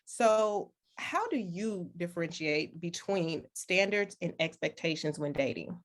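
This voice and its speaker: A woman hosting a podcast, talking in a relaxed, measured way. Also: fairly low pitch. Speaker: podcast host. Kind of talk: casual podcast chat.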